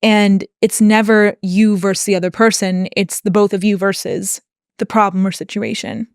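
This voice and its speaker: A woman's voice: mid-range voice, normal speed, smooth, dry recording. Earnest woman podcaster, dry close sound. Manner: earnest, emotionally open, animated retelling. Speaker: podcast co-host. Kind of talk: personal storytelling on a podcast.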